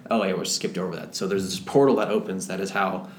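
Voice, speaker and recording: A man's voice: low-pitched, steady tone, quick pace. A man co-hosting a film club podcast, recapping a movie in an enthusiastic, rambling way. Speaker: podcast co-host. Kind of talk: casual film discussion. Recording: echoey room with faint noise.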